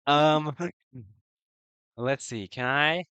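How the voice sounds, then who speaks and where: A man's voice: a little high, drawn-out words, pushed and bright, clear, resonant tone, no echo, lo-fi sound. A man playing in a casual tabletop role-playing session, playful and hesitant, with many fillers. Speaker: player.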